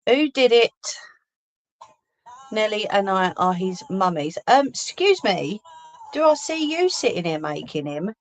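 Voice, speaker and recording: A woman's voice: mid-range voice, big pitch swings, normal speed, soft background music. A woman hosting a live sewing stream, chatting casually, teasing her viewers and reading out their comments. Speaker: craft livestream host.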